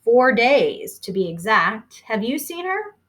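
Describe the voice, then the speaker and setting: A woman's voice: a little high, very animated, slow, a bit bright, heavily acted. A vague, hesitant housewife in a storybook read-aloud, as a woman reader puts her on. She sounds distracted and trails off, with little change from the reader's own plain voice.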